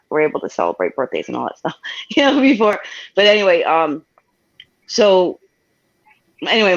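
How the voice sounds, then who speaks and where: A woman's voice: sits low, fairly bright tone. Rambling woman on a dull lo-fi call. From New York, USA. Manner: rambling, many restarts, choked up at times. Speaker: guest. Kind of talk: emotional personal storytelling.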